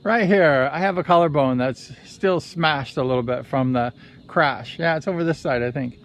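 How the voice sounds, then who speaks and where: A man's voice: fairly high pitch, normal speed. A man and former motorcycle racer telling a story in a rambling, conversational way, sometimes correcting himself. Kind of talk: casual storytelling vlog.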